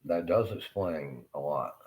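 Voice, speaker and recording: Very deep-voiced Southern man ranting. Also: lively intonation, a little mellow, low-quality recording. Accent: Southern American. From Southern United States. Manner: profane, blunt, rambling, with halting fillers. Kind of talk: rambling monologue rant.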